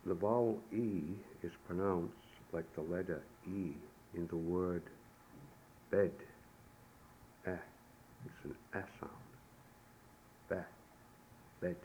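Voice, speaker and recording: A man giving a recorded language lesson, saying the sounds slowly and deliberately, one syllable at a time. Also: low voice, mellow, rough recording. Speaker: language teacher. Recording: old tape recording with faint hiss.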